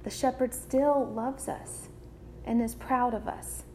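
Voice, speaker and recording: A woman preacher delivering a sermon in a measured, deliberate way, repeating key phrases. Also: a little high, fairly even intonation, a little mellow, a little hiss or hum.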